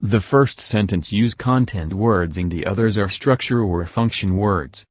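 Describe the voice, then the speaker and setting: A man explaining English sentence stress in a recorded lesson, slowing to stress his example words. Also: on the low side, no room sound. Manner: slow, deliberate word-by-word emphasis on examples. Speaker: English teacher.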